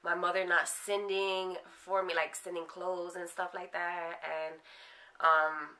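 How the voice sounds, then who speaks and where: A woman's voice: lowish voice, level tone, takes it slowly, sharp tone. A young adult woman frankly recounting her own life story in a casual interview, full of fillers. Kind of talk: candid personal storytelling.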